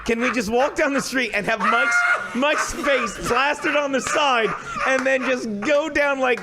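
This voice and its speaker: A man co-hosting a comedy podcast, throwing out quick wisecracks and laughing through his jokes. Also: extremely high pitch. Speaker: podcast co-host. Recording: loud background noise.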